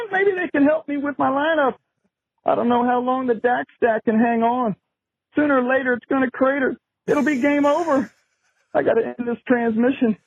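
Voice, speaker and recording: Man, voicemail caller, jokey mock-panic rant, very high gravelly voice, tinny phone line. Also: no room sound.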